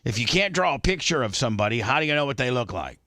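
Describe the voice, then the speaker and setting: A man hosting a radio show, rambling and animated in casual banter, with frequent laughter. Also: medium pitch, quick pace, no room sound, clean studio sound. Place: radio studio.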